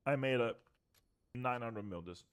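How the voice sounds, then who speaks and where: A man's voice: medium pitch, a little slow, smooth. A young man streaming a video game, explaining gear in a loose, chatty way that trails off and restarts. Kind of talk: casual gameplay walkthrough.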